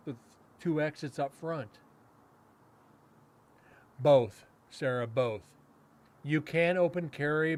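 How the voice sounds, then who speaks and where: Man, a bit higher voice, rambling, lots of fillers, chuckles now and then, casual chat. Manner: rambling, with frequent fillers and self-restarts, chuckling; acts out other people's lines in quick quotes. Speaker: paranormal investigator and podcast host.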